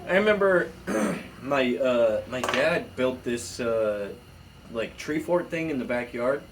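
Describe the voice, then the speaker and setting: A man in his thirties, co-hosting a casual podcast, tells stories slowly in a mid-range voice and performs every quoted line with sudden jumps up in pitch. The mic is some distance away, picking up a faint hiss and room noise.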